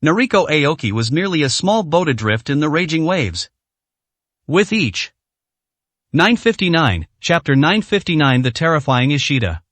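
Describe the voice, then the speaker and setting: A man reads a dramatic story aloud in a scripted narration. His fairly high voice moves a lot in pitch as he tells it. The recording is close and dry. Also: very animated, moderate pace, a bit bright, dry recording.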